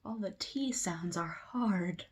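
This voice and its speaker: A woman's voice: mid-range voice, measured pace, a little mellow, breathy edge. A young woman teacher reading a children's storybook aloud, playfully stumbling through tongue twisters and talking to young viewers.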